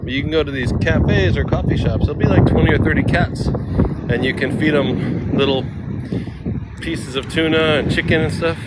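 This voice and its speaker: A man's voice: a little high, moderate pace, heavy background noise. A man chatting casually on a travel live stream, giggly and self-mocking, often meowing playfully. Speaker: travel vlogger.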